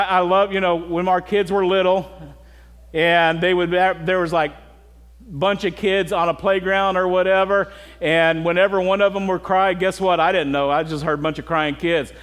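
A middle-aged man preaches with a high, earnest voice, turning often to his listeners with direct questions. His words ring out with a long reverb, as if in a large church sanctuary. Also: steady tone, normal speed, fairly bright tone, smooth. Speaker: pastor. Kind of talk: sermon.

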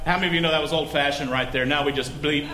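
Pastor guy preaching in church, high voice, asks the crowd lots of questions. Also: fairly even intonation, rapid-fire, background noise. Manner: conversational, asks the congregation questions. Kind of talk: sermon.

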